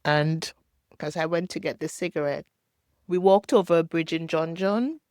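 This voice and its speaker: An older woman from Jamaica telling her own painful childhood story as a halting, emotional personal testimony. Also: sits low, darkish tone, clear, resonant tone, dry recording, clean studio sound. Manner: halting, emotional, pausing often.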